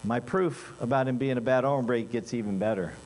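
A man preaching a sermon in an animated way, dropping into quiet asides and rising into loud, emphatic bursts. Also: mid-range voice, moderate pace, slight background noise.

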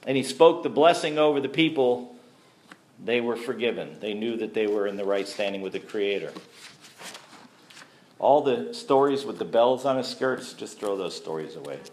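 A man's voice: medium pitch, moderate pace, slight background noise. A man teaching a sermon to a congregation, conversational and asking the listeners questions. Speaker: messianic teacher. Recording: echoey room.

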